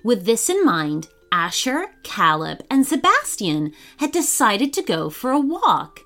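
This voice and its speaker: A woman hosting a children's story show, reading aloud in an animated, expressive storybook manner. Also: fairly high pitch, unhurried.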